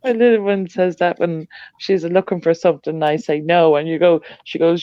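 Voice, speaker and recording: A woman's voice: lowish voice, fairly even intonation, a little fast, dry recording. An Irish woman co-hosting a casual livestream over a video call, laughing easily and poking fun at herself. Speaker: co-host of a craft livestream. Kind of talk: casual chat. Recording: dry, slightly dull call audio.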